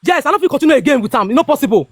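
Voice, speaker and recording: A Nigerian woman in her fifties speaks very fast in a high, expressive voice, captured in a dry, studio-quality recording. Talking heatedly in Pidgin-laced English, she repeats herself emphatically and keeps asking "you understand me?"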